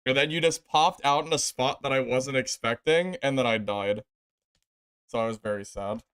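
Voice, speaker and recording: A young man commenting casually while playing a game, swinging between loud laughing disbelief and low exasperated muttering. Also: moderate pace, smooth, dry recording. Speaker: game streamer.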